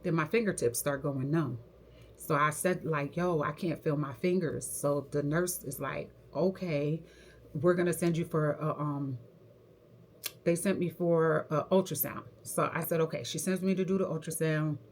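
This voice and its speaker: A young woman tells her story straight to camera in a low voice. She talks in slang and keeps acting out what each person said, in an animated, lively way. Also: moderate pace, slight background noise. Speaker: hair stylist telling her story.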